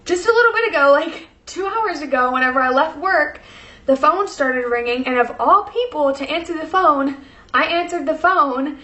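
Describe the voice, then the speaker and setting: In a reverberant space, a young woman vlogger with a high, fairly bright voice chats casually about something personal. Her talk is full of fillers, and she's emotional, nearly in tears, laughing and tearing up as she goes.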